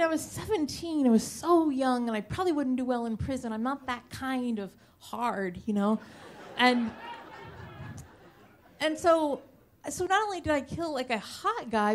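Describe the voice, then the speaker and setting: On stage at a live show, a woman with a high-sitting voice tells a personal story, with a little hiss or hum in the sound. She's chatty and self-mocking, full of restarts, and acts out what others said in quoted voices.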